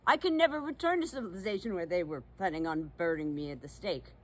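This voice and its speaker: A woman's voice: on the low side, expressive, quick pace, fairly bright tone. A woman playing a bossy young milkmaid turned fae in a one-sided comedy sketch, talking in mock-archaic, huffy, self-important tones. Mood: indignant.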